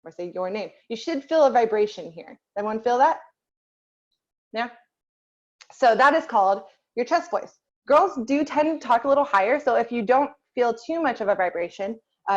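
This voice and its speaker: A woman's voice: on the high side, expressive, moderate pace, dull audio. A woman voice teacher leading an online group lesson over a video call, patiently asking the class questions and waiting for answers.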